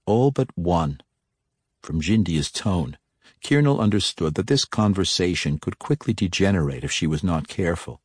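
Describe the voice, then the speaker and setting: Deep-voiced man narrating a fantasy novel. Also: slightly rough, no echo, studio quality. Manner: steady, measured storytelling. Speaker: audiobook narrator.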